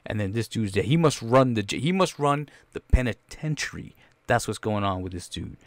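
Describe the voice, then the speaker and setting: A man hosting a podcast, reacting casually to a movie trailer in a rambling, excitable, profane way. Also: lowish voice, moderate pace, no room sound. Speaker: podcast host.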